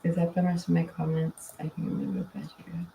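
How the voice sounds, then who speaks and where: Chatty low-voiced woman, echoey room. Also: wildly swooping pitch, quick pace, vocal fry, warm tone, slight background noise. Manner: chatty, laughs often, tired and winding down. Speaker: livestream host. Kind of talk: casual livestream chat reading comments. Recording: echoey room, mic at a distance.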